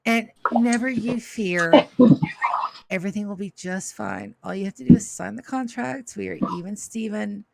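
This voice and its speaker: A woman voicing a scheming, smooth-talking madam in a tabletop game, in a coaxing, businesslike manner. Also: medium pitch, normal speed, low-quality recording.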